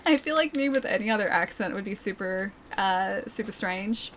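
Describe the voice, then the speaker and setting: Over game music, a young woman in a casual live stream talks with her viewers, laughs a lot and reads comments out loud. Her mid-range voice is expressive and fairly bright at a normal speed, with a little hiss or hum in the recording.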